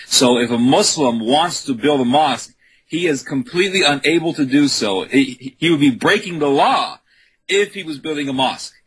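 Earnest man, high voice, radio guest. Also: fairly bright tone, slightly rough, poor audio. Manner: earnest, insistent. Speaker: guest, communications director. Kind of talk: radio interview.

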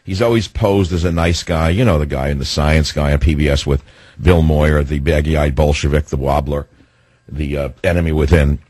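A man hosting a political talk radio show, ranting sarcastically and mocking people with nicknames as his pitch jumps up and down. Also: fairly even intonation, moderate pace, darkish tone, slightly rough, no echo.

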